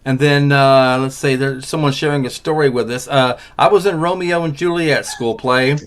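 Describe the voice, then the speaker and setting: A man's voice: mid-range voice, normal speed. A man hosting a casual webcast chat, reading out audience questions and laughing often. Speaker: podcast host.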